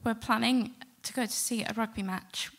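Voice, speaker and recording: A middle-aged woman telling a personal story to a live audience, animated and acting out the quotes. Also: on the high side, moderate pace. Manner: lively, animated retelling with acted-out quotes. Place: stage before a live audience.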